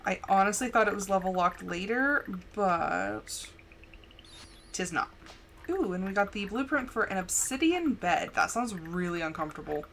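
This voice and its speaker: A young woman streaming a farming game, chatting fast and casually with a slight lisp and lots of "like". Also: medium pitch, lively intonation, a bit bright, a little hiss or hum. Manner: chatty, fast, says "like" a lot. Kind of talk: casual chat while gaming. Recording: faint music underneath.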